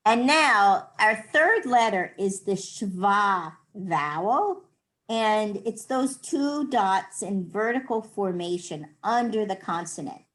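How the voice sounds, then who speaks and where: A woman's voice: medium pitch, expressive, takes it slowly, fairly bright tone, rough recording. A middle-aged American woman teaching a Hebrew class, patiently explaining and demonstrating sounds. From United States. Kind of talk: online class lesson.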